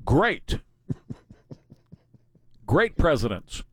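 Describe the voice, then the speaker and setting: A man's voice: a little high, wildly swooping pitch, drawn-out words, no echo. Male talk-radio host, chatty storyteller, close dry mic. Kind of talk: casual talk show chat.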